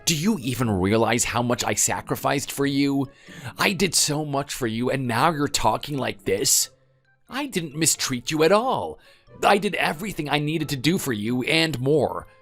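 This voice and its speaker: A man plays a defensive husband in a texting-story drama. His mid-range voice rises and falls animatedly as he justifies himself and pleads. Soft music plays behind him. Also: mid-range voice, sing-song, moderate pace. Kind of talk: text-message story dramatization.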